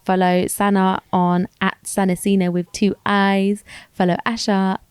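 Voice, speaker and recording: A woman's voice: mid-range voice, flat delivery, a little slow, clean tone, no echo. A woman co-hosting a podcast, chatting casually and rambling as she thinks aloud. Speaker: podcast co-host. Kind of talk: casual chat.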